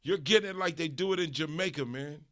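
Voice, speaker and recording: A man from the US West Coast, a streamer host, delivering a casual, profane, animated comedic rant. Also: fairly high pitch, fast.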